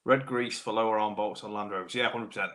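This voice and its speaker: A British man, a car technician, hosting a live stream, chatting casually with viewers by name while clearing a sore throat. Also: fairly low pitch, fairly even intonation, quick pace, a bit bright. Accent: British English. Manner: chatty, matey banter, greets viewers by name. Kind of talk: casual live-stream chat reading comments.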